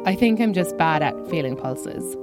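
A woman's voice: low voice, lively intonation, normal speed, over loud music. A woman comedian telling a first-person comic story in a dry, self-deprecating way.

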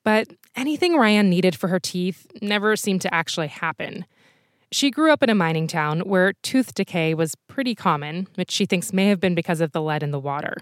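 A woman hosting a podcast, telling a true story in scripted documentary narration with a measured storytelling manner. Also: lowish voice, expressive, dry recording, studio quality.

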